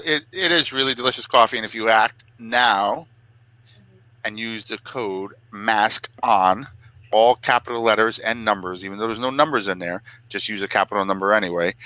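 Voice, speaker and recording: Bright-toned man riffing on an ad. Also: moderate pace, no echo, rough recording. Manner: jokey, mock-emotional, voice jumping high when clowning. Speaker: podcast co-host reading a sponsor ad. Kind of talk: casual ad-lib sponsor read.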